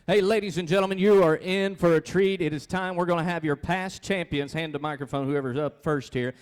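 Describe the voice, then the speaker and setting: A man's voice: on the high side, a little fast, clean tone, in a large hall. A man emcee with a Midwestern American accent, rallying the crowd at an auction event. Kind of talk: event announcing.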